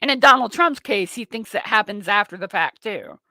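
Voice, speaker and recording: A woman's voice: medium pitch, lively intonation, moderate pace, gravelly, sharp tone, no echo. A woman hosting a political talk radio show, ranting with sarcastic indignation.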